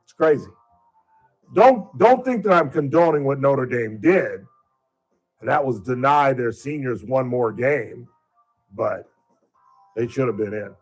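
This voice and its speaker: A man's voice: mid-range voice, slow, long pauses, soft background music. A man hosting a talk radio show, chatting casually and bluntly, wandering off topic and back.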